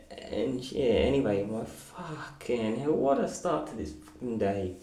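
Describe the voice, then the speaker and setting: A man's voice: mid-range voice, animated, normal speed, gravelly, dark tone, reverberant. A young man telling a story in a casual vlog, rambling and swearing freely.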